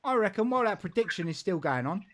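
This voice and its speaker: A man's voice: high voice, animated, fast talker, fairly bright tone, a little hiss or hum. A man hosting a casual football live stream, rambling and jokey with frequent restarts. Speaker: football show host.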